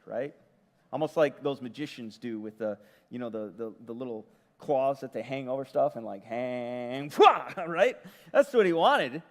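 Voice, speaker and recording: A man preaching a sermon as pastor, retelling a story in a conversational, lively way. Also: medium pitch, big-room sound.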